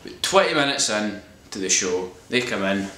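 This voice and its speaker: A man's voice: fairly low pitch, lively intonation, moderate pace, sharp tone, a little hiss or hum. A man ranting in a sweary, exasperated vlog monologue. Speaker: vlogger reviewing a comedy show. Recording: echoey room.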